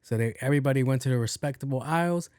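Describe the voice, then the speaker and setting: Male podcast host, casual profane storyteller, mid pitch, dead-dry sound. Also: racing, clear, resonant tone, no room sound. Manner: animated, profane, acts out dialogue.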